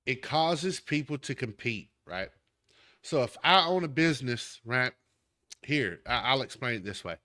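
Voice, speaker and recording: A man's voice: mid-range voice, lively intonation, unhurried, bright, forceful tone. A man with a Southern accent hosting a podcast, delivering an emphatic, heated political commentary rant straight at the listener. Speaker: podcast host.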